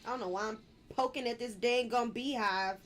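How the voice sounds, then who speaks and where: Excitable woman streaming a game. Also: on the high side, a little fast, faint music behind. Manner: excitable, reacting out loud with squeals and laughter. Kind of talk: live gameplay commentary.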